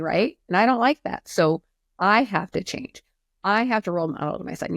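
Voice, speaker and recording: A woman's voice: lowish voice, fairly quick, gravelly, no room sound, studio quality. A woman therapist speaking earnestly and emphatically in a podcast conversation, explaining at length. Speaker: therapist guest.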